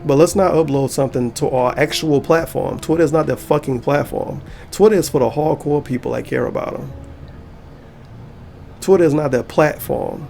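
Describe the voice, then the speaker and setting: Male YouTuber, gravelly, fired-up reaction rant, heavy profanity. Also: on the high side, moderate pace, darkish tone, soft background music. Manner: heated, profane ranting. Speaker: YouTuber and streamer. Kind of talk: angry reaction commentary.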